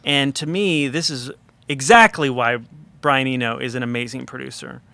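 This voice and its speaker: A man in a studio conversation, a record producer telling an animated, chatty story with lots of fillers. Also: medium pitch, moderate pace, creaky, no echo.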